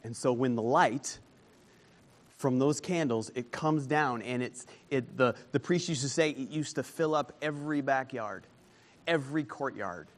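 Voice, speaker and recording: A man preaching a sermon, slow and emphatic, rising into fervent declarations as he builds each point. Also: mid-range voice.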